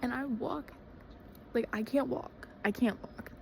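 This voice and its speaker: A woman's voice: a little high, fairly even intonation, unhurried, creaky, darkish tone, a little hiss or hum, low-quality recording. A young woman telling a story in a chatty, dramatic way, full of fillers. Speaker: vlogger. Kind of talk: casual storytelling.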